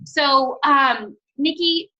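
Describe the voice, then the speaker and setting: A woman's voice: high-pitched, drawn-out words, bright, forceful tone, muffled recording. A woman coaching her sales team on a conference call, enthusiastic and acting out sales conversations. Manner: enthusiastic, acts out sales dialogues. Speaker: network marketing team trainer.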